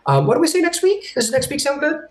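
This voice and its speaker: A man's voice: very high voice, wildly swooping pitch, fast talker, reverberant, soft background music, pitched above the performer's own voice, exaggerated voice, poor audio. A man voicing a flustered, hesitant woman clerk in a tabletop game, stammering politely. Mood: apologetic.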